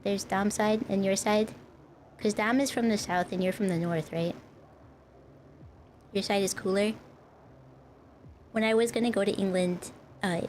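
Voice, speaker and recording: A woman's voice: mid-range voice, darkish tone, a little hiss or hum. A woman streamer in casual live-stream chat, rambling and talking to her viewers. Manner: rambling, chatty, talks to chat.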